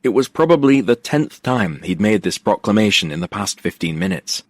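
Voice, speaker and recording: A man narrating a romance audiobook in the first person, wry and expressive, on a close studio mic. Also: on the low side, moderate pace, hardly any pauses, dry recording.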